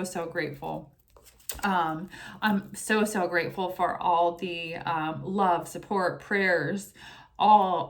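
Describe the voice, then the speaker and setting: A woman's voice: mid-range voice, a bit bright. Chatty woman tarot reader. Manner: chatty, with many asides like "you know" and "right?"; recites prayers of protection. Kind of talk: casual chat and tarot reading.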